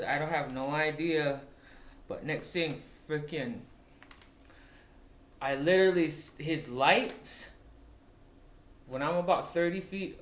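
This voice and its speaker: Profane man telling a firefighting story, roomy echo. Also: a little high. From Montana. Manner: profane, halting, with many restarts. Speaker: wildland firefighter. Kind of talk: casual spoken storytelling. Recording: roomy echoey recording.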